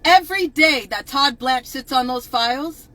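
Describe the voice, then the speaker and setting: A woman on a livestream, angrily ranting to viewers, swearing and often shouting. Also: high voice, normal speed, rough recording. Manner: angry, profane, repeatedly shouting at viewers. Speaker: advocate on a livestream. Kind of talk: impassioned livestream rant.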